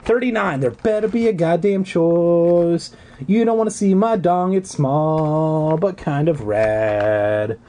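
A man casually reading a choose-your-own-adventure book aloud, joking and swearing between lines and clearing his throat often. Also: on the high side, slow, dark tone. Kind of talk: casual read-aloud with crude asides.

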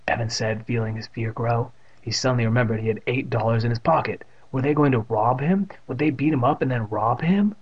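A man's voice: medium pitch, brisk, few pauses, slightly rough, dull audio. Man reading a horror story aloud. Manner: irreverent, swearing asides. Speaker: reader. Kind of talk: reading a children's horror book aloud with comic asides.

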